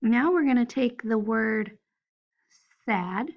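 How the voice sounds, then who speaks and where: Slow, patient woman teaching first graders. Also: fairly high pitch, creaky, dull audio. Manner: slow, patient, spells out letters one by one. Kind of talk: recorded phonics lesson for children.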